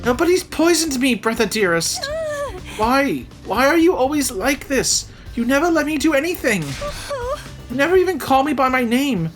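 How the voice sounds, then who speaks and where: A man's voice: expressive, moderate pace, over music. A man voicing a fiery teenage girl in a video game, defiant and pleading. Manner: high-pitched, pleading, defiant.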